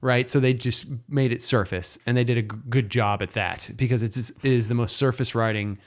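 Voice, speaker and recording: A man in his thirties on a podcast, talking in a lively, laughing way with lots of false starts. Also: mid-range voice, brisk. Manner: animated, laughing, lots of restarts. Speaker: podcast guest. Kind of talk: casual podcast chat.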